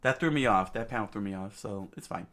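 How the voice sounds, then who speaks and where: A man reading a comic aloud in a casual, halting way, with many fillers and asides about the panels. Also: on the low side, a bit bright. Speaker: reader of a comic.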